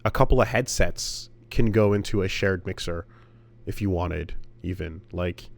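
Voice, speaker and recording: A man's voice: sits low, measured pace, vocal fry. A man co-hosting a casual podcast, rambling with lots of fillers, restarts and swearing. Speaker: podcast co-host.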